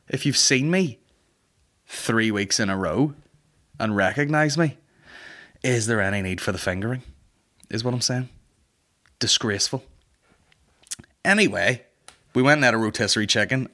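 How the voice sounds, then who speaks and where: Guy in his 30s, lowish voice, rambly sweary podcast chat. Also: a bit bright. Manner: swearing, boisterous, rambling with frequent asides. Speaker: podcast host. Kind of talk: casual comedic monologue.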